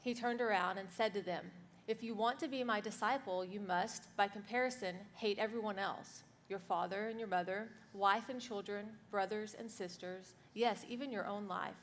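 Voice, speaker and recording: A woman sharing the sermon, reading scripture in a steady, measured way. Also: mid-range voice, slight background noise.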